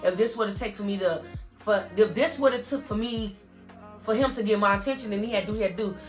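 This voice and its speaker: Faint music plays behind a young woman vlogger recounting an emotional story in a fast, mid-range voice. Her tone is earnest as she talks right to her viewers, constantly calling them "y'all."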